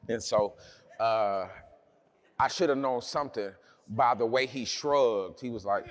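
A man delivers a sermon built around a personal story. He talks in a loose, chatty way and often stops to restart a sentence. His speaking voice sits at an ordinary male pitch. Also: measured pace. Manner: conversational, humorous storytelling with many restarts. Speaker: preacher.

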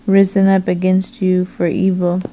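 A woman's voice: on the low side, natural voice, rough recording. A woman reading as a male messenger. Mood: solemn. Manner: flat, slow, unhurried reading.

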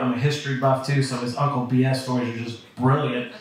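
A man giving a rambling, heartfelt tribute, halting and restarting often. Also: medium pitch, level tone. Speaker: comedian paying tribute. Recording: echoey room from far off.

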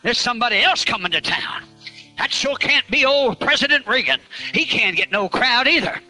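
A male preacher giving a fiery revival sermon, telling a story and shouting out to the crowd. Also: extremely high pitch, animated, moderate pace, faint music behind, poor audio.

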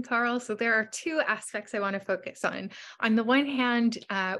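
A woman's voice: mid-range voice, a bit bright. A woman talking as a panelist in a discussion, articulate, with frequent fillers.

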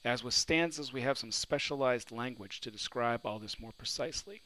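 A New Orleans literature teacher, medium-pitched and bright with a forceful edge, talks at normal speed through a recorded poetry lecture. He asks his students questions only to answer them himself, all on poor audio.

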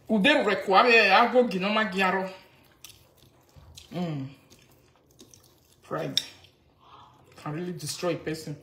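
A woman's voice: medium pitch, takes it slowly, pauses often, roomy sound, a little hiss or hum. A Nigerian woman ranting casually on a live video in mixed Pidgin and local languages. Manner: mixes Pidgin and local languages, mocking, animated. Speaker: social media commentator.

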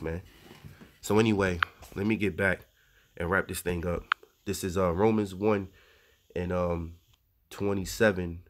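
Low voiced guy reading bible verses and chatting about them, lots of asides. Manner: conversational, reads verses aloud, frequent "you know" asides. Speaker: religious teacher. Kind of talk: informal scripture teaching.

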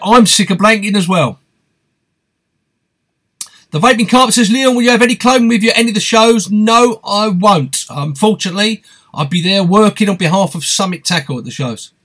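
A man's voice: high voice, fairly bright tone. A man hosting a live stream, reading out viewer comments and answering them in a chatty, friendly way. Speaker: host of a fishing live stream.

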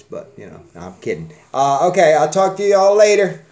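Lively, joking man hosting a giveaway. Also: a little high, moderate pace. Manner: joking, rambling, folksy. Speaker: channel host drawing a giveaway winner. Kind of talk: casual chat.

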